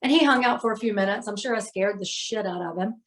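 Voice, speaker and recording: Speaking at a quick pace in a medium pitch, a middle-aged woman who works as a healer tells a podcast about a hard day she lived through. Her retelling is candid and emotional, packed with fillers.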